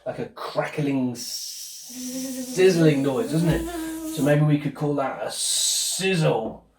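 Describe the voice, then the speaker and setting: A man's voice: a little high, takes it slowly, a crowd in the background. A man giving a home-school lesson with a child, asking coaxing questions in a cheerful way. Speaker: presenter. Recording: roomy sound from a distance.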